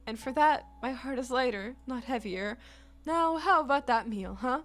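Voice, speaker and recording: A woman voicing a flamboyant, theatrical man in a game, speaking in a booming, grandly formal way. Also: normal speed, close to an everyday voice. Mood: bracing. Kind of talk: game dialogue reading.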